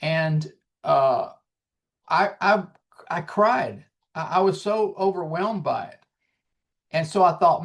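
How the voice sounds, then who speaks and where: A man in his sixties, a singer-songwriter guest, telling his story in an earnest, animated way and acting out the dialogue. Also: fairly high pitch, slow pace, vocal fry, long pauses. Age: 60s. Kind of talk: casual storytelling.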